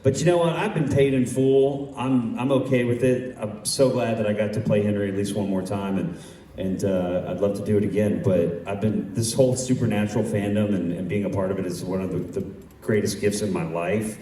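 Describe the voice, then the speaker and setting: A man's voice: lowish voice, steady tone, a little fast, mellow. A man talking on a convention panel, earnest and grateful, often repeating words. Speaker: actor on a panel. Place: large convention hall stage. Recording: echoey hall from far off, faint noise.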